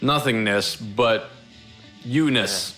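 A man's voice: lowish voice, drawn-out words, faint music behind. A man co-hosting a casual comedy podcast, joking and swearing freely as he riffs. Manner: animated, profane, jokey. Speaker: podcast co-host.

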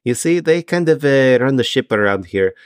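A man voicing an odd, formal male Triton prisoner who speaks stiffly and slowly, without contractions. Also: mid-range voice, animated, smooth, no echo, clean studio sound, lightly acted. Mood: earnest. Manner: stilted formal speech without contractions, slow.

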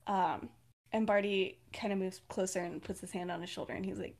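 A woman's voice: mid-range voice, steady tone, brisk. A young woman co-hosting a podcast, casually retelling her fan-fiction story with many fillers and frequent laughs. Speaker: podcast co-host.

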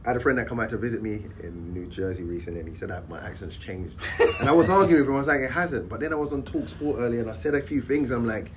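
A man with a London accent, a retired footballer, chatting as a guest with animated, laughing delivery. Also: medium pitch, very fast, few pauses, background noise. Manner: animated, laughing, swears casually. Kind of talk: casual interview chat.

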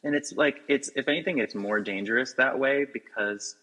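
Bright, husky-voiced man, animated chat. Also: medium pitch, rough recording. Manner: animated, emphatic, quick to laugh. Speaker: podcast guest. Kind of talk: casual critical chat.

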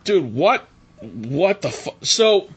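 A man talks in a lively, unhurried way, his voice rising and falling a lot. His tone is bright and forward, and he chats casually as a podcast co-host, laughing often. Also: fairly high pitch, husky. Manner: animated, laughs often, quotes others in mock voices. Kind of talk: casual chat.

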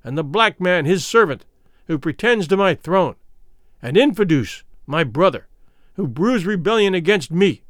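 A man's voice: high-pitched, lively intonation, normal speed, a bit bright, dry recording, studio quality. A man voicing a proud male tribal herald, proclaiming titles in a ceremonial manner. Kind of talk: audiobook character voice.

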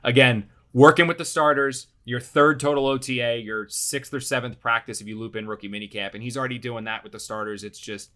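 A young man, a sports reporter, chatting casually on a remote video call, rambling excitably with lots of "like". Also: mid-range voice, brisk, hardly any pauses. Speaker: team beat reporter and panelist. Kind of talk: casual sports talk chat.

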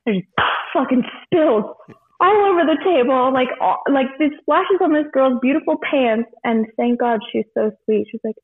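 Husky-voiced woman on a tinny phone line. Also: high voice, fairly quick. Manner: animated storyteller, acts out quotes, swears freely. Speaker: bartender, podcast co-host. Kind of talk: casual chat.

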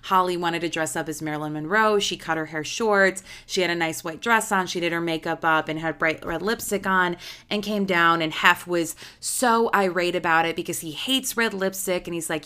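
Woman, 30s, podcast host, casual storytelling, chatty and gossipy, slightly low voice. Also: moderate pace, pushed and bright, clear, resonant tone. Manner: chatty, gossipy, emphatic retelling.

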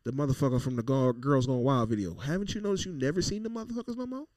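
A man co-hosting a podcast, telling stories loudly and profanely and acting out quotes in casual banter. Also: medium pitch, fast, no room sound. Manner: loud, profane, storytelling with acted-out quotes. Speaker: podcast co-host.

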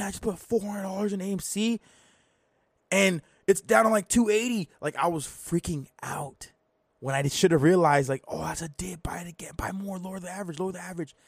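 A man tells a personal story in a loose, rambling way, often restarting his sentences and mocking himself. His pitch sits in the middle range. The sound is dry and close, with almost no room. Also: no echo. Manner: rambling and self-deprecating, with many restarts. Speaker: storyteller sharing his own money story.

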